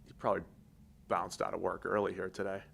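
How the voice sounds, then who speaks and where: Gravelly, bright-voiced podcast host. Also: male voice, deep voice, little pitch movement, fast, slight background noise. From Massachusetts. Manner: loose, joking, rambling with restarts. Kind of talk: casual chat. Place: podcast studio.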